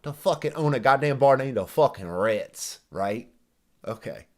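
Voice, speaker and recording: Expressive and mid-range, this man's voice moves at a normal speed as he hosts a reaction video. His commentary is a sarcastic, heated rant laced with nonstop swearing and mockery, and he mimics people in over-the-top voices.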